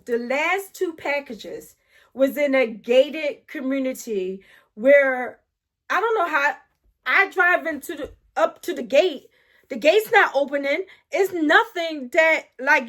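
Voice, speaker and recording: A middle-aged woman with a high voice tells a casual story to her viewers. She is animated and excitable, and she breaks off and restarts her sentences as she goes. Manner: animated, talks straight to viewers with frequent asides. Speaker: vlogger telling a story.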